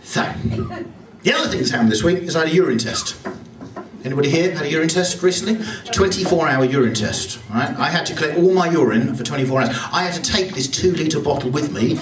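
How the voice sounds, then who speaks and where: Speaking fast with a slightly high voice and lively intonation, this male comic rambles through anecdotes and pokes fun at himself during a club stand-up set. Captured distantly in an echoey room, the loud crowd laughs in the background.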